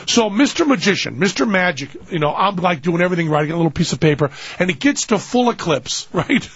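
A man hosting a radio talk show, telling a story in a casual way, shouting the lines he quotes and laughing often. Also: high voice, big pitch swings, fast talker, breathy edge, lo-fi sound.

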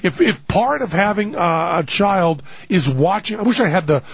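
A man's voice: sits high, expressive, moderate pace, breathy edge, no echo, dull audio. A man hosting a podcast, telling comic stories in a wry, exasperated way and slipping into put-on voices. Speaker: podcast host.

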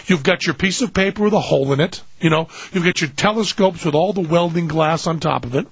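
A man hosting a radio talk show, telling a story in a casual way, shouting the lines he quotes and laughing often. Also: on the high side, fairly quick, creaky, slightly rough, dry recording, highs cut off.

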